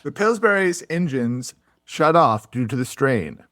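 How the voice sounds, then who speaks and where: A man's voice: mid-range voice, measured pace, no echo. Dry-sounding man telling a story. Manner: animated, playful storytelling with goofy whoops. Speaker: podcast co-host. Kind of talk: casual history storytelling.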